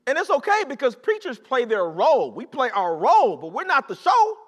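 High, bright-voiced preacher in a reverberant hall. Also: male voice, fairly quick. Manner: animated, conversational preaching with repetition and call-outs to the congregation. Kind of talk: sermon. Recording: long reverb of a large hall.

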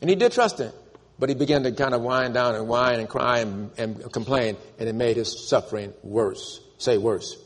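This preacher has a mid-range voice and a moderate pace, delivering an emphatic sermon in a church. He prompts the congregation to echo his words, and the recording carries long church reverb.

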